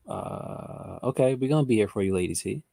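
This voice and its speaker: A man talks viewers through a live trading lesson in a relaxed, chatty way, answering questions from the chat as they come in. His voice has a gravelly edge. The sound is dry and close, with no room echo. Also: fairly low pitch. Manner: chatty, addresses viewers directly, reads chat comments aloud. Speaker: trading educator hosting a livestream. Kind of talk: casual livestream teaching, answering chat.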